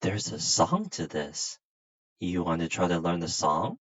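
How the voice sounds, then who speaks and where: A man with a low voice teaches children patiently, with a lively rise and fall. He speaks slowly and drills sounds for repeating, on a dull, dry, lo-fi recording. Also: no echo. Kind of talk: children's language lesson.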